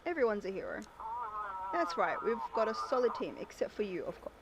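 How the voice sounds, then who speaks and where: A curt, dismissive harbor chief gives orders in a game, as a woman reads him aloud. Her read is brisk and close to her normal mid-pitched voice. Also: sing-song, heavy background noise.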